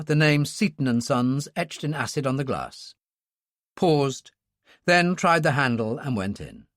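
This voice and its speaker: A man narrating a thriller audiobook in a measured, expressive way. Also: medium pitch, no echo, clean studio sound. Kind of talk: scripted narration.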